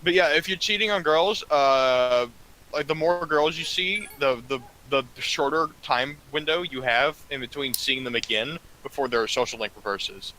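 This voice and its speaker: A man's voice: medium pitch, normal speed, pushed and bright, poor audio. A sleepy man in casual gaming chat, explaining game mechanics to his co-host with lots of ums and restarts.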